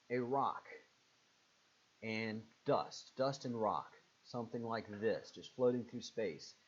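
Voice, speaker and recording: A man with a Southern accent hosting a live stream, reading out viewer comments and answering them casually with lots of fillers. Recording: muffled low-fidelity stream audio.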